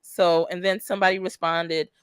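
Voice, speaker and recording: A woman's voice: lowish voice, little pitch movement, moderate pace, clear, resonant tone, no echo. A woman hosting a true crime livestream, chatty and laughing often as she talks straight to her viewers. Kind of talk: casual livestream commentary.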